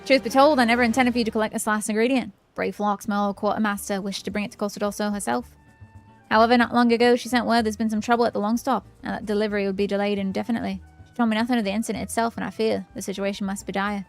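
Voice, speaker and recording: A woman voicing a bold seafaring pirate leader in a loud, declaiming game-dialogue delivery, with faint music behind. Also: mid-range voice, steady tone, rapid-fire, lightly acted. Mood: commanding.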